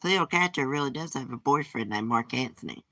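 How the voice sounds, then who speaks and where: A woman's voice: a bass voice, expressive, fairly quick, a bit bright, no echo. A woman hosting a casual live stream from her porch, talking in a blunt, gossipy and profane way. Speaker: livestream host. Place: outdoors on a porch.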